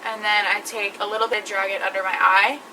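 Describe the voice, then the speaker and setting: Bright-voiced woman chatting through makeup. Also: medium pitch, little pitch movement, a little fast, far from the mic, slight background noise, poor audio. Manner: chatty, explains each step. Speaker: beauty vlogger. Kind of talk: makeup tutorial.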